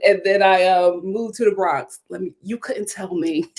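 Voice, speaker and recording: A young woman from Philadelphia hosting a live stream, reading viewer comments with sassy, animated chat and frequent laughter. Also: medium pitch, normal speed.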